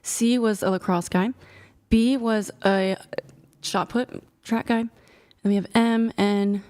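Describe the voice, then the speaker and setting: A young woman in her twenties, a panel guest speaking softly and matter-of-factly. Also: medium pitch, steady tone, takes it slowly. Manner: soft-spoken, matter-of-fact listing. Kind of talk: casual panel chat.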